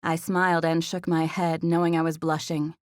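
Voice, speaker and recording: A woman's voice: deep voice, level tone, moderate pace, no echo. Woman narrating a first-person audiobook. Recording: dry studio recording.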